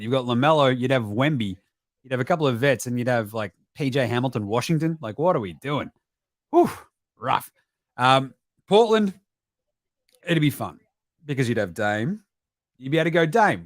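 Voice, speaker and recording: A man's voice: medium pitch, normal speed, pauses often, no echo. Sweary Australian man, dry close sound. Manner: sweary, animated, breaks into mocking put-on voices and sudden shouts. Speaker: basketball podcast host. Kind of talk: profane casual live-stream commentary.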